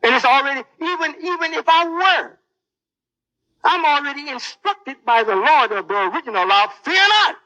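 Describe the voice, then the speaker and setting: High-voiced boastful male preacher. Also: moderate pace, bright, forceful tone, rough recording. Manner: boastful, menacing. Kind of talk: sermon.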